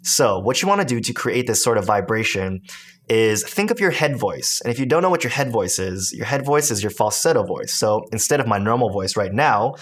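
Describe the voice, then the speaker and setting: Lively-voiced man teaching beatbox. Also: mid-range voice, a little fast, husky. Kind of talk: tutorial instruction.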